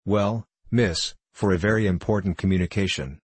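A man's voice: deep voice, normal speed, slightly rough, dry recording. A man reading the part of a spirited, stubborn older governess who speaks firmly and earnestly. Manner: firm, earnest. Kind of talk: audiobook reading.

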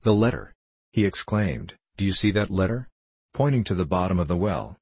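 A man's voice: sits low, husky, no room sound, full character voice. A man reading as a young prisoner telling his past. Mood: grave. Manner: measured, even storytelling. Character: young male prisoner recounting his boyhood. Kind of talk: audiobook reading.

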